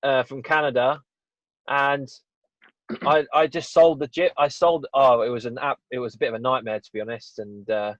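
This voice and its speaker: In a dull, dry podcast recording, a man from England tells a personal story as a guest in a casual interview. His medium-pitched voice has fairly even intonation and a normal pace, and he rambles earnestly with plenty of "you know" and "right?".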